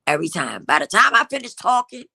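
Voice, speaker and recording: Hosting a livestream, a woman delivers a casual motivational talk straight to her viewers, addressing them as "y'all" with emphatic, preachy conviction in African American Vernacular English. Her bright, forward, medium-pitched voice swings widely in pitch, moves fast, and is gravelly with a breathy edge and a slight cold congestion. The sound is dry and close, with no echo.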